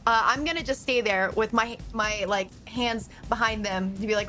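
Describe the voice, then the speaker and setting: A woman playing in a tabletop role-playing game, chatty and giggly, thinking out loud with fillers. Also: a little high, normal speed, hardly any pauses, soft background music. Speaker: player. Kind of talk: tabletop game play, casual.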